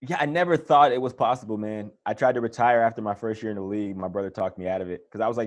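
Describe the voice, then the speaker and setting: Male interview guest, fairly low voice, conversational storyteller, quotes people lively. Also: quick pace, few pauses. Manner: relaxed, animated retelling with quoted voices. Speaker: guest, former pro football player.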